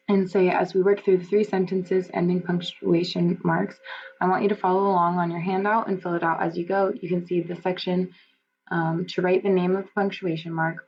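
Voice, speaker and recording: A woman with a lowish, gravelly voice reads through a classroom lesson plan. She speaks haltingly, with fillers and frequent self-corrections. The recording is dull and lo-fi, with a faint hum underneath. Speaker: student teacher presenting a lesson plan. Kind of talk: reading a lesson plan aloud.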